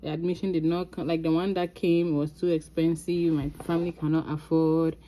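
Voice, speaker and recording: A woman with a Ghanaian accent telling a story from her own life in a casual vlog, animated and laughing often. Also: low voice, a little fast, slight background noise. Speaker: crafting vlogger.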